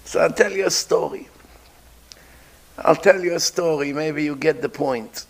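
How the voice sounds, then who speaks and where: A man giving a sermon who tells a story, slowly and emphatically, repeating his phrases. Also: fairly high pitch, creaky.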